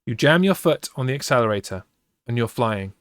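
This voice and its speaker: A man's voice: medium pitch, expressive, a little fast, no room sound, clean studio sound. A man streaming a spooky choose-your-path story, teasing his chat playfully and mocking himself. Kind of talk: live-streamed interactive story reading with chat banter.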